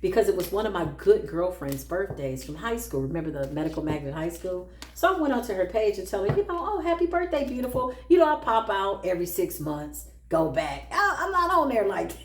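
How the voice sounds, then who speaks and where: A woman spiritual practitioner telling stories in a casual, sassy, animated way, laughing often and acting out what people said. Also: lowish voice, brisk, few pauses, background noise. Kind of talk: casual storytelling monologue. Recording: roomy echo.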